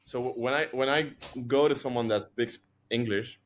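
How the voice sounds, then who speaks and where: A man's voice: mid-range voice, normal speed, slight background noise. A man from Chile with a Chilean accent, Spanish his first language, co-hosting a casual podcast chat and telling stories earnestly, with frequent restarts. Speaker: podcast co-host.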